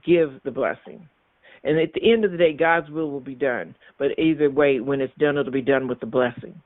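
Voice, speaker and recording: A man's voice: mid-range voice, fairly even intonation, moderate pace, no echo. Man preaching over a tinny line. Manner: repetitive, emphatic preaching with restarts. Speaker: minister. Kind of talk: sermon. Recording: tinny phone-like sound, dry.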